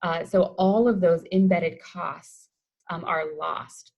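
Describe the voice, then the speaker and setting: A woman's voice: fairly low pitch, steady tone, takes it slowly, gravelly, darkish tone, highs cut off. Upbeat woman giving a webinar talk. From Colorado. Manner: upbeat, conversational, enthusiastic about the topic. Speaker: waste-reduction educator. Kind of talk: webinar presentation. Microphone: video call.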